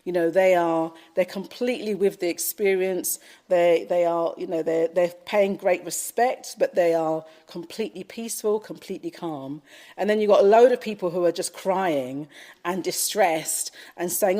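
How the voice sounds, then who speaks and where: A woman giving a Buddhist dharma talk, gently telling a story with frequent fillers. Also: fairly low pitch, moderate pace. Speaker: Buddhist teacher. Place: retreat talk at a Buddhist centre.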